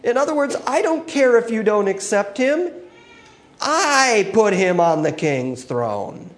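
This man's voice sits high, and he takes his time as he teaches a Bible passage in sermon form. His delivery is expressive, moving between booming emphasis and quiet asides.

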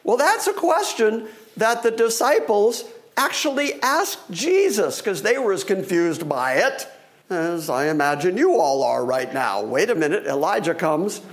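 A man's voice: high voice, measured pace. A man preaching a sermon, teaching from scripture and acting out the voices of the people in the story. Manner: animated, acts out voices of questioners. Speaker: pastor.

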